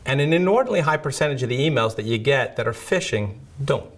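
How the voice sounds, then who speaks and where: A man's voice: medium pitch, lively intonation, fast talker. A man presenting a security awareness video episode in a conversational, self-deprecating way, often checking in with "right?".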